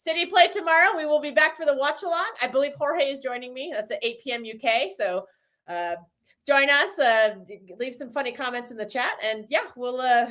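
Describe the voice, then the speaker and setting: A woman's voice: high voice, a little fast, fairly bright tone. A woman hosting a late-night live stream, chatting casually and laughing often. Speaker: stream host.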